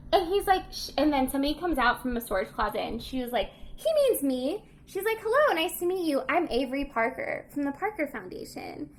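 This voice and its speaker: A young woman co-hosting a book podcast, recapping a novel's plot in casual chat and acting out the characters' lines as she goes. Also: high voice.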